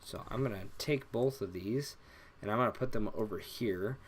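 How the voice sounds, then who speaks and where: A young man teaching an alphabet lesson on a live stream, relaxed and rambling, with many fillers and self-corrections. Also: fairly low pitch, moderate pace, breathy edge. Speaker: language teacher.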